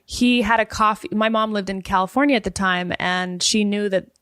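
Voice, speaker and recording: A woman's voice: mid-range voice, moderate pace, clean tone, no room sound, clean studio sound. Chatty woman telling a story animatedly. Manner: animated storyteller, acts out quoted dialogue, fills with "like". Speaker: guest. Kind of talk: casual chat.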